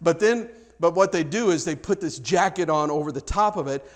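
A middle-aged man preaching a sermon in a loose, conversational way, breaking off and restarting as he tells family stories. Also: fairly quick. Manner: conversational, self-interrupting, acts out dialogue with big pitch jumps. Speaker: pastor. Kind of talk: sermon with storytelling.

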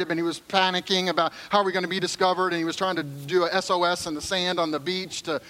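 A man's voice: high voice, bright, forceful tone, low-quality recording. A middle-aged man preaching a sermon as pastor, conversational and joking, then earnest.

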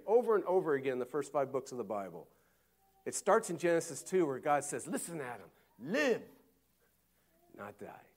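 A male pastor preaching conversationally, acting out Bible voices with lively emphasis. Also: medium pitch. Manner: animated, conversational, acts out quotes. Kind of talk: sermon.

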